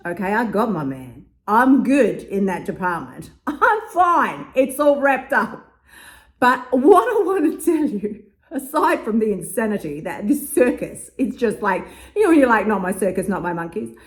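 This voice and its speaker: A woman who coaches weight loss tells a story in a casual monologue, swearing often and laughing between lines. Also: fairly high pitch.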